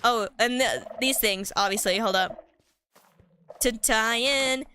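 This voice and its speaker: A woman's voice: a little high, slow, sharp tone, a little hiss or hum. A woman streamer chatting casually while playing a game, rambling and giggly, with lots of fillers.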